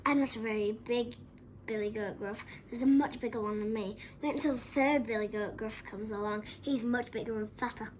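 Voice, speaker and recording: A nervous middle-sized billy goat pleads for his life, as a woman reads him out in a storybook tale. The voice sits a little high and anxious, with faint hiss behind it. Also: fairly even intonation, normal speed, natural voice. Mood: pleading. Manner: pleading, timid.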